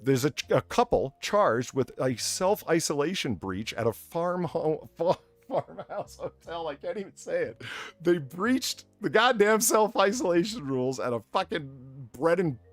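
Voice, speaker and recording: A man's voice: on the high side, very animated, measured pace, faint music behind. A man co-hosting a comedy podcast, reading odd local news in a mock-formal way, stumbling over words and laughing. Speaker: podcast co-host.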